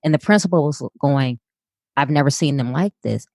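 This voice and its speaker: A woman's voice: low-pitched, normal speed, a little mellow, no room sound, studio quality. A woman podcast host, chatting enthusiastically and telling a personal story. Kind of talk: casual interview chat.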